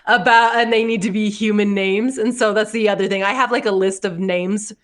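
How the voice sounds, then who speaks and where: A woman in her forties co-hosting a podcast, telling stories in a lively, animated way and laughing often. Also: mid-range voice, brisk. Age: 40s. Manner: animated storyteller, acts out voices and laughs often. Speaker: podcast co-host. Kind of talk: casual chat.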